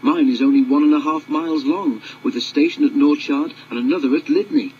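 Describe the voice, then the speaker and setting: A man's voice: fairly high pitch, fairly quick, muffled recording, slight background noise, close to an everyday voice. Wilbert, a man doing a storytelling engine. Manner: warm storytelling, cautionary. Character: friendly forest tank engine telling a tale.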